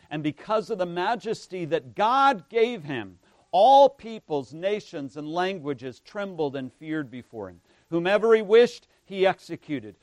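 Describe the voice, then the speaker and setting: A male pastor delivers a sermon at a slow, deliberate pace in a voice a bit higher than most men's. He swells to loud emphatic stresses, then drops almost to a whisper. The sound is close and dry, with no room echo. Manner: preaching with swells of emphasis and sudden hushed drops; frequent "right?" asides to the congregation.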